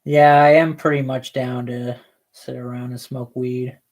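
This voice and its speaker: A man's voice: medium pitch, level tone, a little slow, a little mellow. A young man chatting casually and rambling while he paints, laid-back and slangy, with loose asides. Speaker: model painting streamer.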